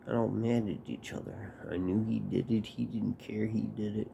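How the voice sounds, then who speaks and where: A man's voice: fairly low pitch, normal speed, vocal fry, hardly any pauses, dark tone, a little hiss or hum. A man telling a personal story casually, swearing and acting out quotes.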